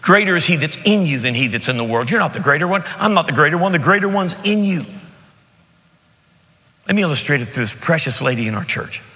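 A man from Pennsylvania preaching a sermon as pastor, emphatic and repeating key lines, dropping at times to a hush. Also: fairly high pitch, expressive, fast. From Beaver County, Pennsylvania. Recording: long hall reverb.

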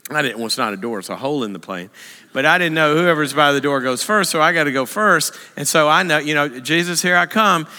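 A man telling a funny story to a church audience, animated and self-mocking, acting out the other people's voices. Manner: animated, self-mocking, acts out voices with big pitch jumps. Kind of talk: humorous storytelling talk. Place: church hall. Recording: long hall reverb.

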